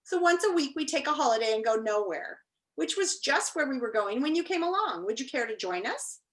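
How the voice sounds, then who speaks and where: A woman reading aloud puts on a crowd of lazy storybook creatures who live to do nothing. They drawl through their day at an easy pace in a high, bright voice that swings up and down. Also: big pitch swings, normal speed. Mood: soothing.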